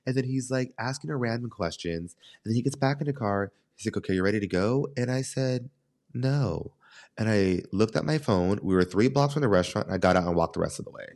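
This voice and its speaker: A man hosting a podcast, telling stories in a casual chat and jumping up in pitch when he acts out what people said. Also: fairly quick, gravelly. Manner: animated, jumps high in pitch when acting out quotes. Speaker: podcast host.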